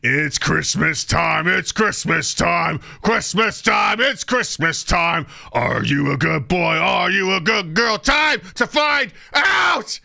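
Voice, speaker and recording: A monstrous, fat jelly Santa, as a man puts him on, bellows jolly ho-ho-hos in a high, strained shout. His lines rise into singsong menace. The voice rings with a tense, bright edge. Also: very animated, drawn-out words, gravelly, heavily acted. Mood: menacing jolly. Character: monstrous jolly killer Santa, huge fat gelatin creature.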